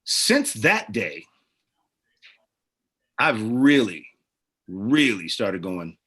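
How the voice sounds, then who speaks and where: Speaking extremely slowly in a lowish voice with a breathy edge, a middle-aged actor and producer tells stories as an interview guest in a casual setting. He's animated, impersonating the people he describes.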